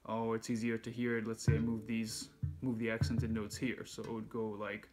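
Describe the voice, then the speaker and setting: A man giving a casual music lesson, counting beats aloud in a relaxed way as he demonstrates. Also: lowish voice, normal speed. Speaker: music teacher. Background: handpan playing.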